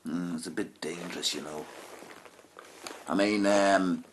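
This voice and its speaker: A man's voice: low-pitched, fairly even intonation, unhurried, slight background noise. A man telling a profane comic story, with chatty asides and laughter. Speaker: comedian.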